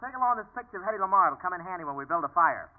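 Man, quick joking radio comedian, slightly high voice, thin lo-fi broadcast sound. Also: lively intonation. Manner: wisecracking, quick joking delivery. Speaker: comedy show host. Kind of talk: 1940s radio comedy sketch. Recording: tinny old radio broadcast with loud hiss.

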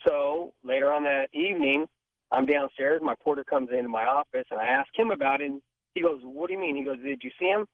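A male caller on the phone telling a story in an animated way, acting out the voices of the people he quotes. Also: mid-range voice, a little fast, no room sound. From California. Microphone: telephone. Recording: tinny phone line.

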